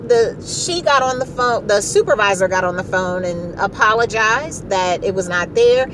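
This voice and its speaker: A middle-aged woman telling a story in a casual, animated way, exasperated and repeating herself for effect. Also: mid-range voice, background noise.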